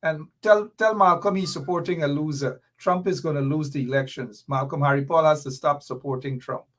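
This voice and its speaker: A man hosts a live political commentary stream. He talks in fiery bursts, repeats his points, and reads out viewer comments as he goes. His voice sits fairly high for a man. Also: steady tone, a little fast. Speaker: host.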